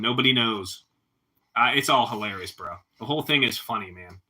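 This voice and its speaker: A man's voice: on the low side, fairly quick, long pauses, sharp tone. A man chatting casually with his livestream viewers in a laid-back way, laughing often and ending lines with "bro" and "man.".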